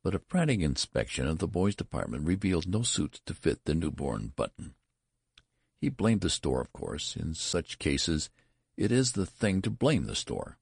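Gravelly, very deep male storyteller. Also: big pitch swings, normal speed, a little mellow, no room sound, clean studio sound. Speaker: narrator. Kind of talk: storybook narration.

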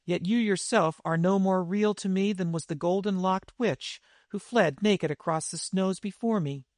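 A man's voice: sits high, moderate pace, a little mellow, no echo, clean studio sound, lightly acted. A man reading the lines of a dazed, hardened barbarian warrior in a storybook.

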